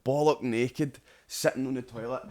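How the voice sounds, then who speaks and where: A man's voice: medium pitch, steady tone, normal speed, a little mellow. Laughing Scottish young man. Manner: laughing, sweary banter with acted-out quotes. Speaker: podcast co-host. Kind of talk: casual storytelling chat.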